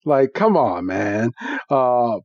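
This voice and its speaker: A man's voice: medium pitch, big pitch swings, takes it slowly, a little mellow, highs cut off. A man co-hosting a podcast, recapping a cartoon episode in a laid-back, joking way. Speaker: podcast co-host. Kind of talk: casual episode recap chat.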